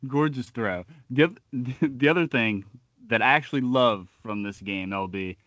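A man's voice: medium pitch, normal speed, a bit bright, dry recording, lo-fi sound. A man co-hosting a sports podcast, riffing with trash talk and long comic analogies. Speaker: podcast co-host.

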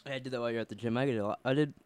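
A man's voice: mid-range voice, very fast, no echo. A man co-hosting a podcast in casual chat, rambling and laughing often at himself. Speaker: podcast co-host.

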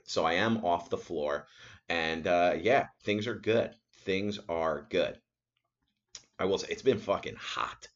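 Low-voiced young man ranting casually. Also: slow pace, dull audio. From New York area resident. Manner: rambling, profane, animated storytelling with acted-out quotes. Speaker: podcast host. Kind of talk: casual solo podcast monologue.

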